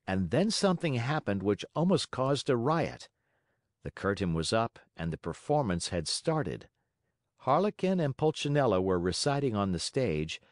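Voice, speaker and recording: A man's voice: on the low side, dry recording, studio quality. A man reading a children's classic aloud as an audiobook narrator, telling the story expressively and voicing its characters. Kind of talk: scripted narration.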